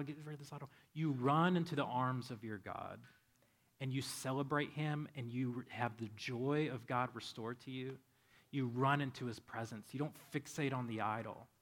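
A man preaching a sermon as pastor, conversational and storytelling, softening into prayer. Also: mid-range voice. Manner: conversational, animated when storytelling, soft when praying. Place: church. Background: faint band music.

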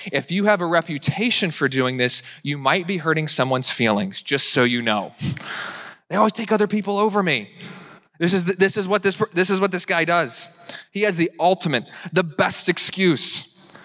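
A young adult man preaching a sermon, animated and acting out people's excuses in mock voices. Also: sits high, normal speed. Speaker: pastor. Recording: long hall reverb.

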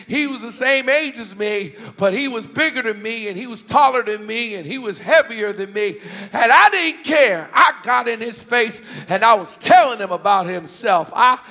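A man from the US Northeast preaching a storytelling sermon to a big congregation, animated, with repeated questions and bursts of shouting. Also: extremely high pitch, normal speed. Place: large church hall with thousands present. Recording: large hall reverb.

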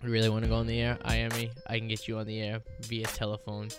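A man's voice: lowish voice, monotone, fast. A young man hosting a college radio show, talking casually and rambling with lots of fillers. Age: young adult. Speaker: radio DJ host. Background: faint music.

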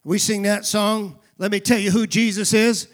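A male pastor preaching a sermon, calling for responses from the congregation and rising to shouted emphasis. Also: high-pitched, flat delivery, normal speed. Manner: drops to a quiet aside voice for asides.

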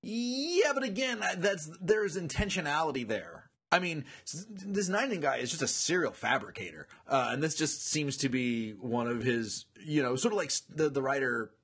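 Husky, animated male podcast host. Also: fairly high pitch, moderate pace, hardly any pauses. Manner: animated, laughs often. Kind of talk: casual chat.

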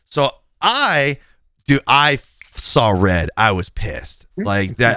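Man, casual storyteller, frank, animated quoting, smooth voice, dry close mic. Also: mid-range voice, slow, dry recording. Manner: animated, frank, quotes people in dialogue. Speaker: podcast guest telling a work story. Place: podcast studio.

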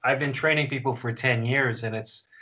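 Man with a bright voice hosting. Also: medium pitch, fairly even intonation, normal speed, rough recording. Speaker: interview host. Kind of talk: casual interview chat.

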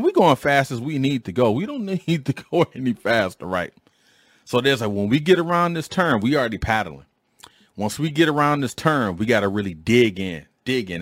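Low-voiced man telling a lively story. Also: no room sound, studio quality. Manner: animated, slangy storytelling with big pitch jumps when quoting himself. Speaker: podcast host. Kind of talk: casual storytelling monologue.

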